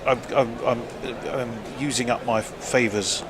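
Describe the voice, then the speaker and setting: A man's voice: mid-range voice, steady tone, a little slow, a crowd in the background. A man on a cricket commentary team who reads out listener messages in a joking, casual way. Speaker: commentator reading social media. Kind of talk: casual chat.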